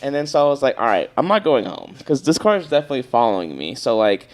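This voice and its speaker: A young man, telling a story on a casual podcast, animated and swearing often. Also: mid-range voice, quick pace. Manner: animated, swears a lot, acts out quotes loudly. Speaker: podcast co-host.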